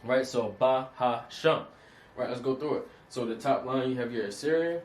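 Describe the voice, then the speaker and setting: A man's voice: medium pitch, normal speed. A man giving an informal lesson over slides, casual and repetitive, often checking that the listener understands. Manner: repetitive, keeps asking "you understand that?"; casual, street-style phrasing. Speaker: Hebrew teacher. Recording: roomy, distant mic, faint noise.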